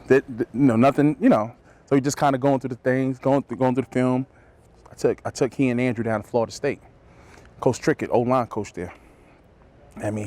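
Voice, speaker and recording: A man, a high school football coach, telling stories in an interview and acting out the quotes with animation. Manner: animated storyteller, acts out quotes. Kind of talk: anecdotal interview storytelling.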